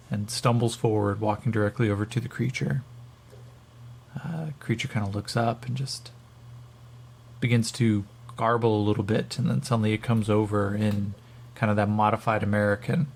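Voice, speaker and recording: A man with a gravelly voice narrating as game master, rambling with many fillers. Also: lowish voice, fairly even intonation, measured pace, a little hiss or hum.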